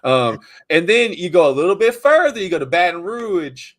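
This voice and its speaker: A man's voice: sits high, very animated, moderate pace, a bit bright. A man from Louisiana with a light Louisiana accent, talking animatedly in a casual live video chat, laughing often and slipping into playful voices.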